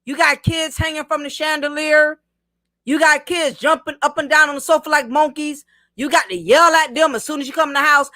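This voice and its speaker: A woman's voice: sits high, brisk, sharp tone, dry recording, studio quality. A married woman hosting a livestream, reading viewer comments and giving blunt, preachy commentary straight to the camera. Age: adult, married. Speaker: livestream host.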